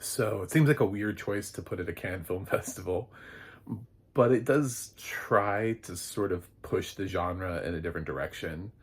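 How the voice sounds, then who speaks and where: A man's voice: low-pitched, normal speed, slightly rough. A man giving a casual, rambling spoken film review, chatty with lots of fillers. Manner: rambling and chatty, with many fillers and light laughs.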